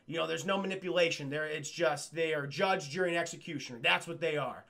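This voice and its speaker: A man voicing an eccentric middle-aged man in a low, slow, earnest tone, with a gravelly edge. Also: pushed and bright.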